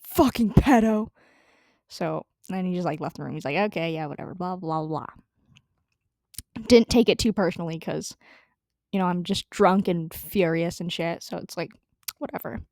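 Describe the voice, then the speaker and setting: A woman's voice: on the low side, moderate pace, vocal fry, darkish tone, dry recording. Young woman, casual storytime, rambling, lots of fillers, profane, dry close sound. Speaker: storytelling vlogger.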